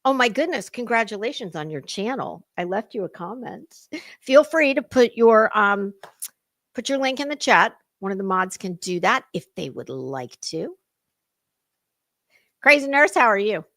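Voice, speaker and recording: A woman's voice: mid-range voice, expressive, moderate pace, a bit bright, no room sound, clean studio sound. A middle-aged woman hosting a casual political commentary livestream, chatty, blunt and profane as she talks to her chat viewers. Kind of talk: casual live-stream chat.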